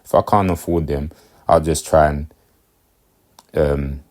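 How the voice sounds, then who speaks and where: A man talking in a very low, deep voice. His casual monologue rambles and loops back on itself. He keeps asking whether the listener gets what he means. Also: steady tone, slow, darkish tone. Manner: rambling, repeats himself, keeps checking "you get me". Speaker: commentator.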